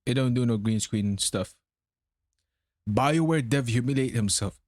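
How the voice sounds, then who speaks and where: A man's voice: medium pitch, a little slow, a little mellow, dry recording. A man live-streaming in casual, rambling chat, swearing freely. He feels unwell and his nose is stuffy and running. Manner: profane, rambling.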